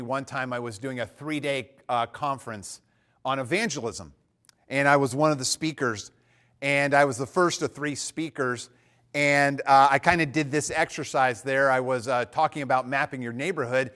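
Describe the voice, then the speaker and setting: A man with a somewhat raised speaking pitch delivers a church teaching talk, relaxed and conversational. He fills pauses with "uh" and restarts his sentences. His stories come out animated and friendly. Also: smooth. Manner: conversational, frequent "uh" fillers and restarts; animated storyteller.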